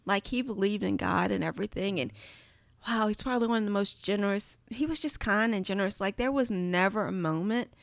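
A woman's voice: medium pitch, brisk, creaky, no room sound. Earnest woman telling a heartfelt story. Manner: earnest, many "like" fillers. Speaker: guest sharing a personal story. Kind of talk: casual chat, heartfelt storytelling.

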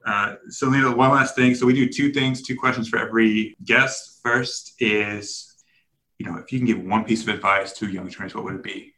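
Low-voiced man with a bright, forceful tone. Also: fairly even intonation, moderate pace. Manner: laughs easily, loose and friendly. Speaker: podcast host, plaintiff attorney. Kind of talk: casual podcast interview.

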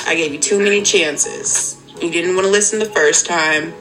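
Bright-voiced, laughing young woman. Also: on the low side, normal speed, faint music behind, poor audio. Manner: laughs often, animated and expressive. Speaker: podcast co-host. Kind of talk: casual chat.

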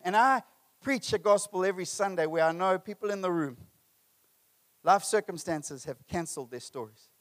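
A middle-aged male pastor preaching a sermon, passionate, building to emphatic peaks and then dropping low. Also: animated, normal speed.

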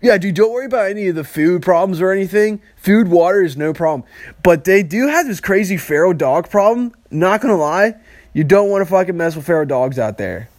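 A man's voice: sits high, animated, brisk, darkish tone, dry recording, studio quality. A young man hosting a solo podcast, rambling and swearing freely and laughing at his own jokes. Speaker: podcast host. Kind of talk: casual solo podcast rant.

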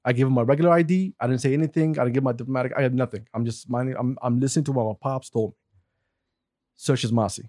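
A man in his forties from Saudi Arabia telling a story in casual chat, animated, laughing often and swearing freely. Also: medium pitch, fast, no echo, studio quality. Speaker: guest.

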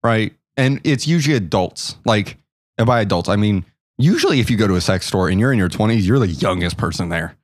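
Lowish guy voice, rambling self-deprecating podcast chat, dry close mic. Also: animated, fairly quick, no echo. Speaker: podcast co-host. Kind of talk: casual chat.

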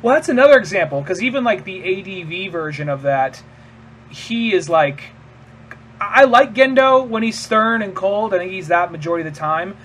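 A man's voice: sits high, expressive, normal speed, a bit bright, a little hiss or hum. A man co-hosting a podcast, rambling in casual chat, laughing and swearing and acting out quotes. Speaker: podcast co-host.

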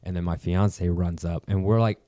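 A young American man with a very deep, mellow voice rambles through casual, profane chat and pokes fun at himself. The recording is dry and close. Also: fairly even intonation, moderate pace, no room sound. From United States. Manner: rambling, profane, self-mocking.

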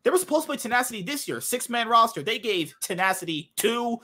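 A man with a high, animated voice arguing his esports takes on a podcast. His tone is bright and a bit husky, and he talks emphatically and with strong opinions. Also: quick pace. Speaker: podcast co-host. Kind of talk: casual esports chat.

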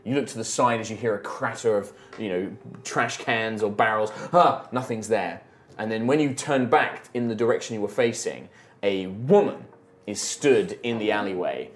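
A man narrating a tabletop game as game master, descriptive and halting. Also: fairly low pitch. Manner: descriptive, halting with fillers, laughing.

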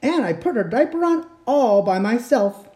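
Froggy, an excitable young boy frog voiced by a woman. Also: moderate pace, lightly acted. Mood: boastful. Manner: eager, exclaiming, high and bouncy. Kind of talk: storybook read-aloud.

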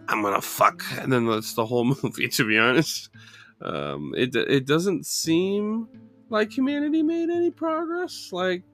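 A man giving a loose, rambling, profane movie review, with lots of fillers and small laughs. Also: fairly high pitch. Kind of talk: casual solo movie review.

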